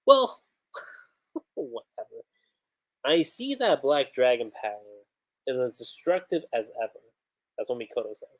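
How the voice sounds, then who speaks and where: A man's voice: mid-range voice, very animated, a little slow, pauses often, a bit bright. A man on a livestream, casually recapping and reading out comic panels, rambling with slangy asides. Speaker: livestream manga reviewer.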